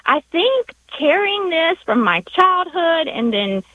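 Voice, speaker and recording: A woman with a Southern US accent calling in to a radio show, speaking in a halting, heartfelt way with many restarts. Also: extremely high pitch, sing-song, no room sound. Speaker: radio caller. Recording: dull phone line.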